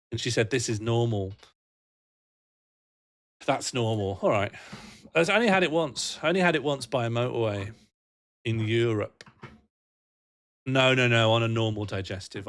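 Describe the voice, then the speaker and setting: A man's voice: mid-range voice, creaky, fairly bright tone. Giggly man streaming casually. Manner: giggly, laughs often, rambling and playful. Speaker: livestreamer reading chat. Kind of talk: casual live-stream chat.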